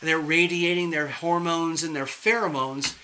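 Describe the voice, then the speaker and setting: A man giving a live-streamed tarot reading in an animated, chatty, playful way. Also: a little high, a little slow, noisy background. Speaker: tarot reader.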